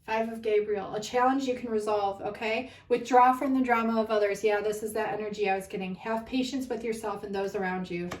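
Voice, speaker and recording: A woman's voice: mid-range voice, steady tone, brisk, hardly any pauses, far from the mic. Emotional woman card reader in an echoey room. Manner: emotional, overwhelmed, swears and laughs between card readings. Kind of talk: casual spiritual card reading to viewers.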